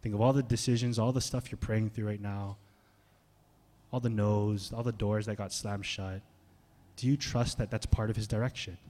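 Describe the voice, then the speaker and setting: A male pastor preaching a sermon in a casual, conversational way, swinging between loud emphasis and soft, hushed asides. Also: on the low side, fairly even intonation, normal speed. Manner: casual, conversational phrasing with slang.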